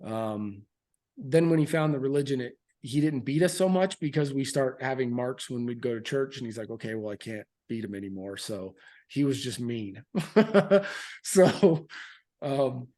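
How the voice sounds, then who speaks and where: Male veteran guest, 30s, mid pitch, frank and earnest, casual and halting. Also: lively intonation, warm tone. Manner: frank and earnest, with loose fillers and restarts. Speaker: podcast guest, military veteran. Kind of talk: candid interview storytelling.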